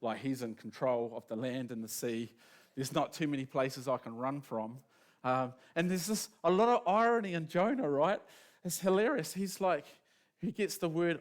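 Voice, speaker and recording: A man preaching a sermon in a casual, animated storytelling manner, acting out quotes as he goes. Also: on the high side, normal speed.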